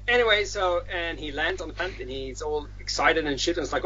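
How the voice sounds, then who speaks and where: A man casually retelling a story in a rambling, animated way, with swearing and slang, on dull lo-fi audio. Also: a little high, brisk, husky. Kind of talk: casual chat.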